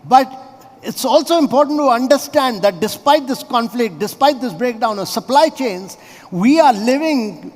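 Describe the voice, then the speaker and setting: An older man with a notably high voice speaks on a conference stage, laying out his argument point by point with numbers. His voice carries a long reverb from the large hall around him. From India. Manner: measured, builds points with numbers and lists. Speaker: award honoree, interview guest. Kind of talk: on-stage conversation.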